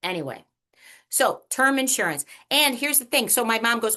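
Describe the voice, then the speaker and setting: A woman presenting a money workshop over a video call, chatty and animated, teasing the audience with questions. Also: a little high, normal speed. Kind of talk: online workshop lecture.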